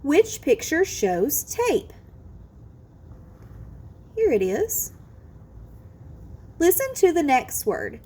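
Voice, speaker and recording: A woman teaching a kindergarten phonics lesson, sounding out words slowly and with exaggerated care. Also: high-pitched, huge pitch swings, warm tone. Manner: drawn-out, exaggerated sounding out of words, sing-song encouragement. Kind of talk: slow, careful phonics lesson for young children.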